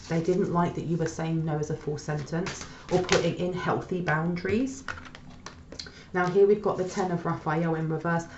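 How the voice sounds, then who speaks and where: A woman's voice: on the low side, darkish tone, a little hiss or hum. Chatty woman reading tarot, echoey room. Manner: chatty, conversational, keeps checking in with the listener. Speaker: tarot reader. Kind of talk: casual tarot reading to camera. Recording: echoey, dull lo-fi room sound.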